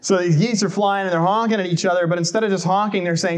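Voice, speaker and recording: Conversational American pastor preaching. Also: male voice, sits high, steady tone, fast. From United States. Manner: conversational, self-deprecating humor with rhetorical questions to the congregation. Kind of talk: sermon. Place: church.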